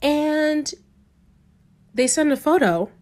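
Expressive, higher-voiced young woman vlogger. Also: slow pace. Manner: dramatic, cringing, exclaiming and laughing, with swearing. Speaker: vlogger telling a story. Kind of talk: storytime vlog.

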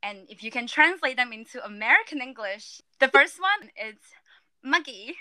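Bright, high-voiced chatty woman host. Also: animated, normal speed, no echo. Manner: chatty, explains slang animatedly. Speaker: podcast host. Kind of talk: casual chat.

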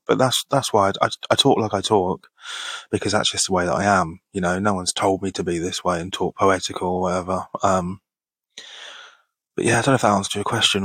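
Laid-back husky-voiced man in his thirties. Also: low voice, a bit bright, dry recording. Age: 30s. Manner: laid-back, laughs often, swears casually. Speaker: podcast host. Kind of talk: casual Q&A reading listener questions.

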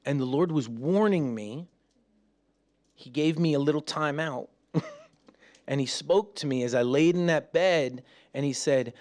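A man preaching a sermon, telling stories with laughs and acting out quotes, dropping soft and slow for prayer. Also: fairly high pitch. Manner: animated storytelling with laughs and acted-out quotes; drops soft and slow when praying aloud.

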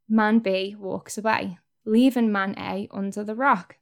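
A woman's voice: medium pitch, unhurried, gravelly, few pauses. A young woman vlogging, talking candidly and earnestly to camera and swearing now and then. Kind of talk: personal talk to camera.

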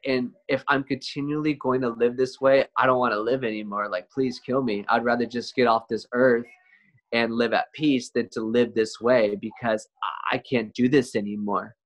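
Casual man sharing his testimony. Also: medium pitch. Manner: conversational, frequent "man" and "like", repeats and restarts words. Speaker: interview guest.

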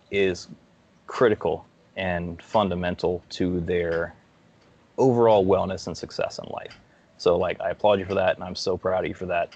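A man with a very low, gravelly voice speaks earnestly as a podcast guest. He talks in a casual, heartfelt way, often pausing on "um". The recording sounds slightly dull and lo-fi. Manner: earnest, heartfelt praise with many "um"s. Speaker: guest, licensed counselor.

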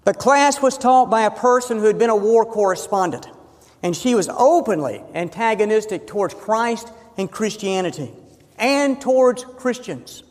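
A man preaching a sermon, emphatic, slowing and lifting his voice on key phrases. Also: sits high, lively intonation, in a large hall. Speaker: pastor.

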